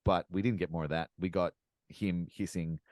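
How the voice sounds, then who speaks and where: A man's voice: low voice, normal speed, no echo, clean studio sound. A man co-hosting a podcast, ranting sarcastically about a film with plenty of swearing. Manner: animated, sarcastic ranting with profanity. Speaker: podcast co-host. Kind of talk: casual podcast chat.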